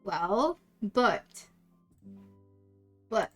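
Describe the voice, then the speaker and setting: Bright chatty Dutch woman streamer. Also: medium pitch, lively intonation, extremely slow. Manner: rambling, chatty, many restarts. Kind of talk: casual stream chat, storytelling. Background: faint background music.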